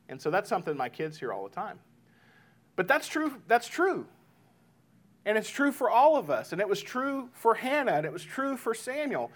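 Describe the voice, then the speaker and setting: A man's voice: high-pitched, moderate pace. A man in his thirties preaching a sermon, talking plainly to the congregation and retelling a chat with his young children. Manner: conversational, addresses congregation as "guys"; retells family talk with lively voiced asides. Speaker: pastor.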